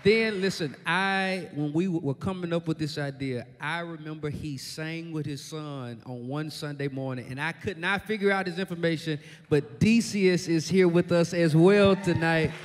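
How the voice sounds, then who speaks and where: A man moderating a church panel discussion. He introduces guests energetically and poses questions with a relaxed, halting delivery. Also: on the high side. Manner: energetic introductions, then relaxed and hesitant with fillers. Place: church sanctuary with an audience. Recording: long hall reverb with a faint audience.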